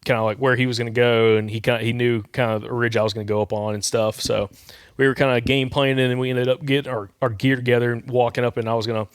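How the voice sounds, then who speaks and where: A man hosting a podcast, telling a long story in a rambling, relaxed way. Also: medium pitch, quick pace, clear, resonant tone, no room sound, studio quality. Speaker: podcast host.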